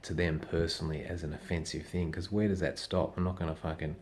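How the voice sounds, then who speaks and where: A man's voice: sits low, flat delivery, quick pace, a little mellow. A middle-aged man, a comedian vlogger, rambling bluntly in a casual rant and swearing constantly.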